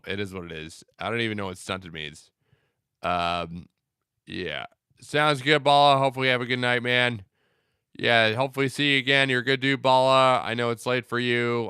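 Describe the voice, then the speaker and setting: A man's voice: deep voice, pushed and bright, clear, resonant tone, no room sound, clean studio sound. A young man hosting a casual livestream, chatting in a laid-back, rambling way with lots of fillers as he answers viewers. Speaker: livestream host. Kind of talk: casual livestream chat, reading out viewer comments.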